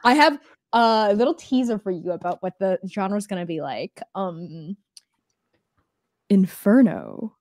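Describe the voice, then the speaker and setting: A woman running an actual-play tabletop show, talking in a bubbly, excitable way and laughing often in a casual panel interview. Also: medium pitch, normal speed, dry recording, clean studio sound.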